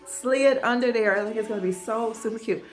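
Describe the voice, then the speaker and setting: A woman's voice: a little high, brisk, echoey room, faint music behind. A woman chatting casually to her viewers while she cooks at home, often calling them y'all. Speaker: vlogger. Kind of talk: casual home vlog chat. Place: home kitchen, indoors. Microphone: handheld phone camera.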